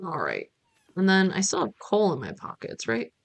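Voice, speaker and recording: A woman's voice: on the low side, huge pitch swings, moderate pace, vocal fry, slightly rough. Playful woman streamer chatting over a game. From United States. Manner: playful, rambling, self-mocking. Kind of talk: casual gameplay chat.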